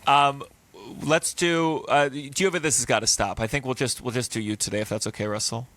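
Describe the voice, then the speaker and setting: Male podcast host, casual rambling storyteller, bright tone, dry recording. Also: medium pitch, fairly even intonation, fairly quick, no room sound.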